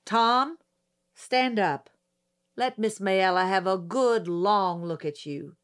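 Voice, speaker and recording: A calm, dry middle-aged lawyer questioning slowly and patiently, as a woman narrator voices him. His manner is detached and professional, steady rather than loud. An audiobook character voice. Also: mid-range voice, smooth, lightly acted. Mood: measured, persistent.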